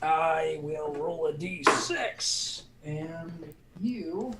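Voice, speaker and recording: A man running a tabletop game as game master, relaxed and laughing often. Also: on the high side, drawn-out words, very noisy.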